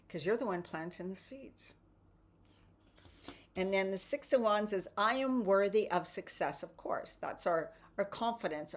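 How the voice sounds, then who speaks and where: A woman hosting a casual motivational morning talk and reading tarot cards, chatty and often adding "right?". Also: fairly low pitch.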